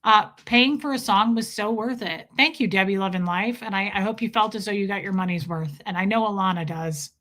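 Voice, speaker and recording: A woman hosting a livestream in casual chat, playful and loud, her voice going a little hoarse. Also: medium pitch, fairly quick, few pauses. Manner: playful, sings along loudly between chatter. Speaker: livestream host.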